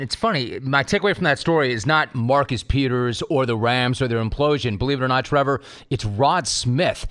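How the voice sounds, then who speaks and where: A man's voice: mid-range voice, fairly bright tone. A man hosting a casual sports talk show, wry and conversational, teasing his co-host.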